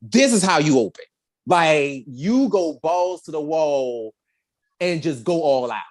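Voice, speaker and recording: A woman's voice: sits low, animated, slow pace, a little mellow. A woman co-hosting a podcast review in casual chat, retelling scenes animatedly and acting out lines in exaggerated voices. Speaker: podcast co-host reviewing a show.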